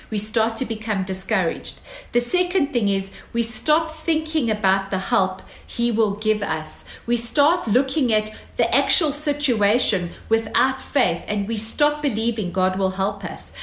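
Earnest woman preaching in an echoey room. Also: fairly high pitch. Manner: earnest, exhorting, repetitive phrasing. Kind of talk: sermon.

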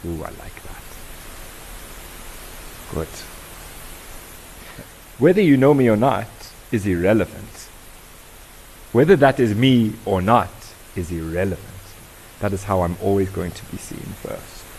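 A South African man facilitating a workshop, talking with an audience in a lively, conversational way and asking them questions. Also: on the low side, a little slow, long pauses, slight background noise, low-quality recording. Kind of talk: interactive talk to an audience.

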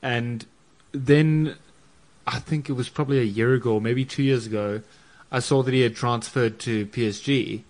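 A man's voice: medium pitch, steady tone, moderate pace, darkish tone. A man co-hosting a casual football podcast, a bit hesitant and self-deprecating. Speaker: podcast co-host.

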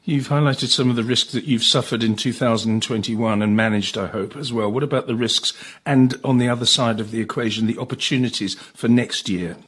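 A man's voice: medium pitch, steady tone, fairly quick, hardly any pauses, a bit bright, husky. A male interviewer asking probing questions in a conversational way.

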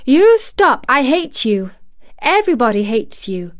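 A woman reading an audiobook, voicing a furious, bossy little girl who shouts and scolds. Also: a little high, slow, no echo, clean studio sound. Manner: shouting, scolding, stamping emphasis. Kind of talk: audiobook character voice.

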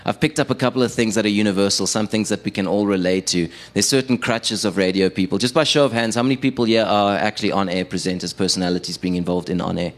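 A young South African man with a low voice doing stand-up comedy on a live stage. He talks conversationally with the crowd and pokes fun at himself. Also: steady tone, quick pace, hardly any pauses. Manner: self-deprecating, conversational with the audience. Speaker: stand-up comedian and radio producer.

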